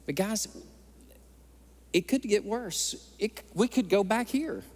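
A man's voice: high-pitched, lively intonation, slow, a little mellow. A male pastor preaching an impassioned sermon in a church. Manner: impassioned preaching, tearful at times. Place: church sanctuary. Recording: long hall reverb.

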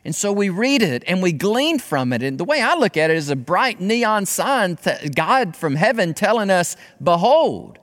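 A man's voice: high-pitched, big pitch swings, normal speed, few pauses. Impassioned male preacher in a reverberant hall. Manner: impassioned preaching, swinging from loud exclamations to hushed tones. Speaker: pastor. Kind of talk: sermon.

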